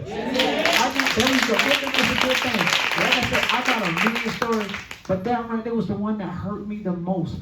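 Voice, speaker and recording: Here a male guest speaker delivers his testimony at a luncheon in a high, slightly bright voice. The style is narrative and preacher-like, building to exclamations, and the recording comes from far away in a reverberant event hall, sounding dull.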